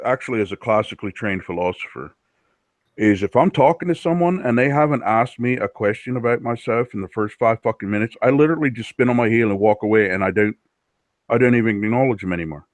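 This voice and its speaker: A man's voice: medium pitch, fast talker, no room sound. A man on a podcast panel, chatting casually and boastfully with heavy swearing. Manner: brash, boastful, swears heavily. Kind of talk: casual profane chat.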